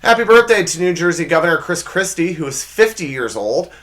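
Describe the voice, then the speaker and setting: Animated man hosting a comedy show. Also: fairly quick, soft background music. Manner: jokey, reads punchlines with big pitch swings. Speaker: show host. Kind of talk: comedy monologue.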